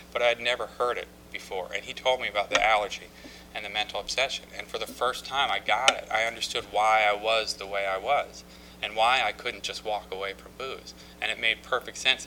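A man with a very bright, sharp-edged voice tells his recovery story to a group. He speaks haltingly, often restarting his sentences, and mocks himself with wry humor along the way. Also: on the low side, a little hiss or hum, rough recording. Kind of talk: personal testimony talk.

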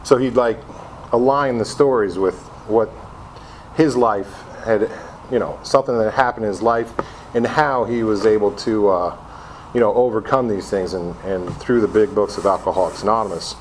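A man's voice: on the low side, moderate pace, slight background noise. A middle-aged man from Connecticut sharing his own story with a group in a casual, self-mocking way, acting out his old reactions as he goes. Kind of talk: personal recovery talk to a group.

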